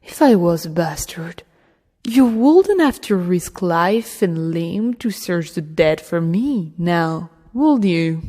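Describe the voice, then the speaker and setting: A cold, ruthless teenage prince, as a woman reads him in a soft and menacing way, mocking those around him. The tone sits low and unhurried, and the room behind the voice rings with a long reverb. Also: lively intonation. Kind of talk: audiobook reading.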